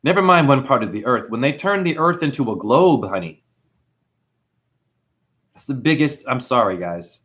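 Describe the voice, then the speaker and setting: New Zealand-accented man, livestream host, rambling and preachy, very lively pitch. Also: moderate pace, pauses often. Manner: rambling, preachy, calls listeners honey. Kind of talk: livestream monologue reading chat.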